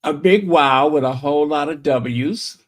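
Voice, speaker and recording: A man's voice: on the high side, measured pace. A man hosting a casual livestream, chatting and reacting to viewer messages with many fillers. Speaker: channel host.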